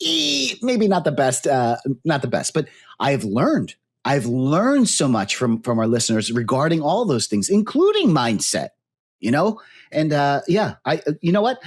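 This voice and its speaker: Male podcast co-host, casual and chatty, slightly husky, pitch swinging widely. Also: wildly swooping pitch, a little slow. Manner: rambling, heavy use of fillers like "you know" and "like". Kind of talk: casual chat.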